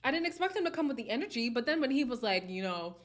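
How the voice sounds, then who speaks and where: A young woman with a slightly high, sing-song voice talks fast while hosting a live reality-show chat stream. She chats candidly and casually with her viewers, laughing frequently.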